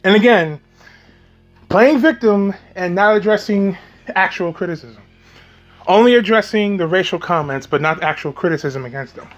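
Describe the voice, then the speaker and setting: A man's voice: high voice, moderate pace, muffled recording, soft background music. A man giving profane reaction commentary, sarcastic and mocking, with frequent swearing and laughter. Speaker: commentary YouTuber. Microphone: home recording, off camera.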